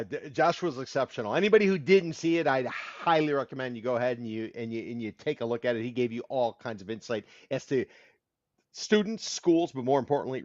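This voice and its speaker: A man's voice: medium pitch, darkish tone, dry recording, dull audio. A man hosting a local real estate podcast, opening with an upbeat intro and chatting casually with his co-host.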